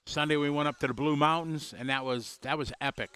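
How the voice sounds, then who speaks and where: A man's voice: a little high, steady tone, a little fast, sharp tone, clear, resonant tone, no room sound. A man commentating a radio-controlled car race in a loose, chatty way, greeting viewers by name. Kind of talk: casual live race commentary.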